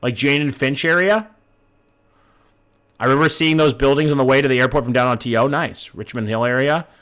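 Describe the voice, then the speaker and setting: A man in his thirties streams from Vancouver, Canada, swearing casually as he talks to viewers and tries to guess locations. He speaks fairly quickly in a mid-range, slightly bright voice.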